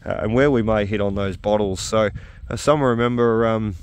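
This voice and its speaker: A man's voice: fairly low pitch, fairly even intonation, normal speed, a little hiss or hum. Upbeat Australian man outdoors. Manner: upbeat and chatty, with frequent 'uh' fillers. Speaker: metal detecting vlogger. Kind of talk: casual outdoor commentary. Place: outdoors at an old house site.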